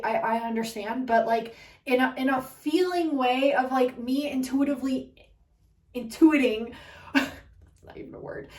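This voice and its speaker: A woman gives a spiritual card reading that turns into a heated, rambling rant full of swearing. Her voice sits a little high. She sounds distant from the mic, in a room with a lot of echo. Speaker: spiritual reader. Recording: echoey room, far from mic.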